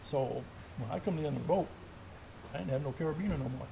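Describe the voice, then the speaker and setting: A man's voice: fairly high pitch, fast, gravelly, a little hiss or hum. A middle-aged man, a military veteran, telling stories with vivid play-by-play in a live interview at an indoor gun shop event. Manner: animated, vivid play-by-play storytelling.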